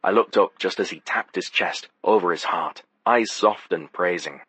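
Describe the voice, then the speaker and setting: A man's voice: low-pitched, moderate pace, vocal fry, fairly bright tone, slightly rough, no room sound. A man narrating a first-person audiobook in a wry, sardonic manner.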